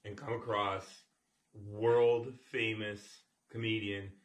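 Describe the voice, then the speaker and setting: A man's voice: fairly low pitch, level tone, takes it slowly, roomy sound. A man from Canada co-hosting a casual podcast, laughing often and teasing his friend. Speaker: podcast co-host.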